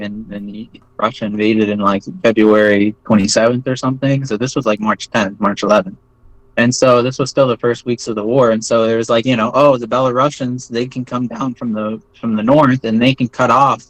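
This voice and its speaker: A man of ordinary pitch recounts events in a loose, meandering way, stacking fillers and tossing in "right?" to check in with his listener. The sound is dry and close, with little room around the voice. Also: fairly even intonation, fairly quick, no echo, rough recording. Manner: rambling, many fillers and tag questions like "right?". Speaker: interview guest, former foreign volunteer fighter. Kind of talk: casual spoken storytelling.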